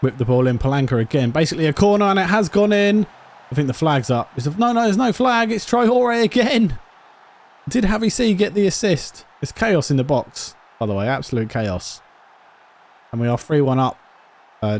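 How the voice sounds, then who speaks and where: Male gamer commentating a football sim, mellow tone, excitable swings. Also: medium pitch. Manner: excitable, shouts at the match then drops to quiet musing. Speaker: gaming YouTuber. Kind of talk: casual commentary over a football management game.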